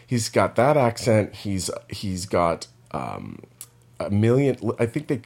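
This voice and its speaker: A man with a somewhat low voice, speaking to his audience in a loose, reflective monologue. He wanders through the story, stumbling over and repeating words as he searches for the next thought. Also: wildly swooping pitch, slow pace, creaky, a little mellow. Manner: rambling, with many restarts and repeated words. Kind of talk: casual spoken monologue.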